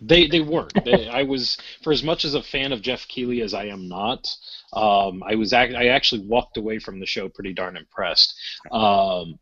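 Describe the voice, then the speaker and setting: A man's voice: on the low side, no room sound. Rambling man on a dull podcast mic. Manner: rambling, many fillers and restarts, animated when acting out quotes. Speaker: podcast co-host. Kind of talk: casual podcast storytelling. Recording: dull lo-fi sound.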